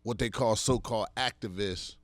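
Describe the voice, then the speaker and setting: A man speaks in an impassioned, preaching style. His voice swells into loud, forceful bursts and then drops back. The sound is close and dry. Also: fairly low pitch, normal speed, dry recording.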